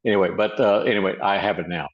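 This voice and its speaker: An American man in casual chat, talking haltingly with many repeated words. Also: lowish voice, dull audio. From United States.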